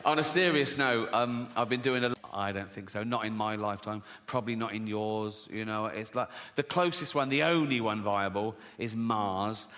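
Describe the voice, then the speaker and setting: A middle-aged Englishman does stand-up comedy, sardonic and swearing freely as he puts on other people's voices to tell his stories. His voice is fairly high and a bit bright, with faint background noise and a live audience laughing.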